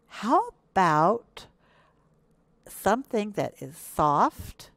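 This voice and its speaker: Slow, gentle storytime librarian woman. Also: fairly low pitch, no echo. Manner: gentle, expressive, asks children questions. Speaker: children's librarian. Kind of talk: children's storytime reading. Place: indoors, recorded for video.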